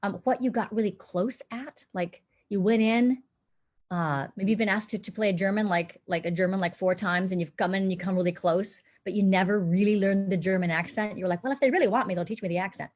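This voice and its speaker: A woman's voice: mid-range voice, fairly even intonation, brisk, darkish tone. A woman dialect coach hosts a live online Q&A, talking over a video call. Her tone is earnest and explanatory as she advises actors.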